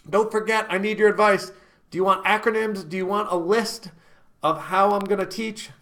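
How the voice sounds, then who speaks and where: A young man giving dating advice to camera, energetic and casual, breaking into sudden loud exclamations. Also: high voice. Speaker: dating coach. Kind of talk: direct-to-camera advice talk.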